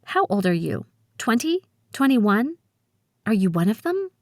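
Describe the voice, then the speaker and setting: A woman's voice: on the high side, sing-song, a little slow, no room sound, clean studio sound, pitched above the performer's own voice. A woman voicing a guarded, sarcastic seventeen-year-old girl in an audiobook. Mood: wary. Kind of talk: audiobook character voice.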